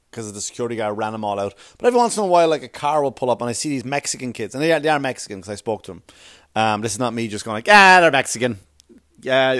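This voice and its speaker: A man's voice: mid-range voice, no echo, clean studio sound. A man delivering a rambling, profane comic monologue as a podcast host, constantly checking in with the listener. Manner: profane, keeps checking in with "right?".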